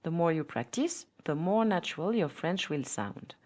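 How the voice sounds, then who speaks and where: A woman's voice: fairly low pitch, expressive, moderate pace, darkish tone. A woman teaching French as a podcast lesson, reading example phrases aloud with a careful teaching delivery.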